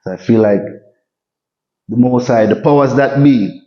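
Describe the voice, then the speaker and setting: A man, a reggae artist talking casually in an interview, relaxed and given to restarts and "you know" tags. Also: medium pitch, measured pace. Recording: muffled lo-fi audio.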